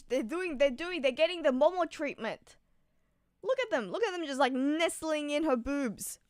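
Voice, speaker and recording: A woman giving casual reaction commentary on what she is watching, thinking aloud with fillers and soft laughs. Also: high voice, lively intonation, normal speed, dry recording, studio quality. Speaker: anime reaction streamer.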